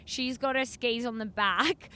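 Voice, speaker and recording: Young woman co-host, self-deprecating and casually sweary, slightly high and bright, car recording with faint road noise. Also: unhurried. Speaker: podcast co-host. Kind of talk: casual chat. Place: inside a car.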